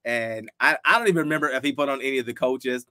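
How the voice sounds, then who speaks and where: A man in his fifties from Ohio, a guest telling animated stories in a casual interview and acting out the dialogue. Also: medium pitch, fast talker, no room sound, studio quality. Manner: animated storyteller who acts out quoted dialogue. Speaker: guest, former football player.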